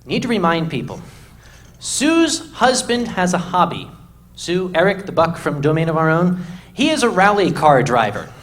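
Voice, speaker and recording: Animated high-pitched male storyteller. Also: normal speed. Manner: animated, exasperated, emphatic. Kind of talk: live comic storytelling.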